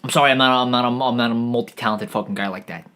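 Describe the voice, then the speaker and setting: A man's voice: mid-range voice, fairly even intonation, very fast, sharp tone. A man streaming a rambling, profane comedic rant, full of stammered restarts and swearing.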